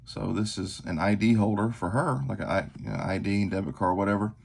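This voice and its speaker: A man's voice: lowish voice, brisk, vocal fry. A man, talking casually and rambling through a show-and-tell of his gear, with lots of fillers and self-deprecating asides. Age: 40s. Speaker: knife collector vlogger. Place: tabletop at home.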